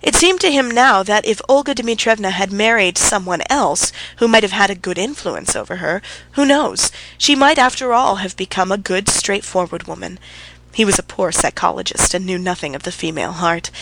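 A woman reading a classic story aloud as an audiobook narrator, with a steady, even delivery. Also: mid-range voice, moderate pace, background noise. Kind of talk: scripted narration.

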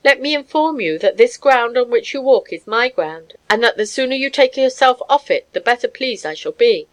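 A woman voicing a gruff, hot-tempered Scottish scholar who speaks curtly and sternly in a storybook reading. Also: fairly high pitch, expressive, normal speed, close to an everyday voice. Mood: dismissive. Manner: stern, curt.

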